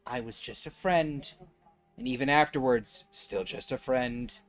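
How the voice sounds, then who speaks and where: A man in a tabletop role-play, animated and quick to laugh, cursing freely as he narrates and speaks in character. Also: mid-range voice, soft background music. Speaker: tabletop player.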